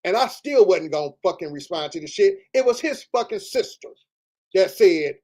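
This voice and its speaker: A man hosting a livestream rants in a heated, profane and repetitive way. His high-sitting voice is expressive and a little mellow, moving at normal speed.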